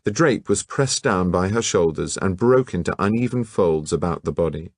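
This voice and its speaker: A man narrating a novel as an audiobook in measured, even storytelling. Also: low-pitched, dry recording, studio quality.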